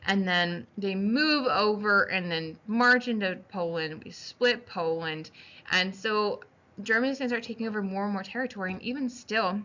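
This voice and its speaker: A woman giving a casual history lecture, chatty and animated, slipping into quick voices for historical figures. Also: medium pitch, dull audio. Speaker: history teacher.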